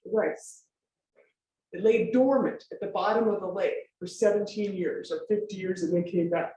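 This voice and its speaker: A forum speaker delivers an informal public lecture with slides, sounding emphatic, asking plenty of rhetorical questions and often checking that listeners are following. The voice is mid-range and warm at a normal speed, with slight background noise. It was recorded in a very echoey room, far from the mic, with faint ambience.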